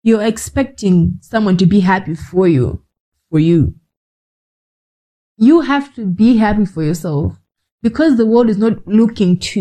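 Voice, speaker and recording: Shivering with cold, a female podcast host gives a conversational motivational talk aimed straight at listeners, dropping in scolding asides. Her mid-range voice is mellow, and the audio quality is poor.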